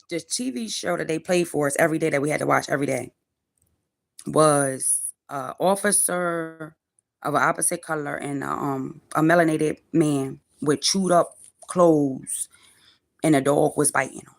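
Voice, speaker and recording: A woman's voice: sits low, normal speed, vocal fry. A woman in her forties ranting on a livestream from her car, profane, defiant and preachy. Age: 40s. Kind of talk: angry livestream rant.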